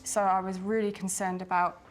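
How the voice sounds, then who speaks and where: A young woman, a medical student, recounting events calmly and matter-of-factly in a TV interview. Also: medium pitch, moderate pace, soft background music. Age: 20s. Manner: calm, matter-of-fact. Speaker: soldier's girlfriend, medical student.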